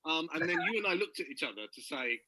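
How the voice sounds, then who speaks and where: A man's voice: a little high, big pitch swings, fast talker, sharp tone, dry recording, poor audio. A man, a co-writer, chatting casually with an old friend about their work, laughing easily and mimicking voices in his stories. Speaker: co-writer of graphic novels and guides. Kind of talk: casual chat between friends. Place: recorded video conversation.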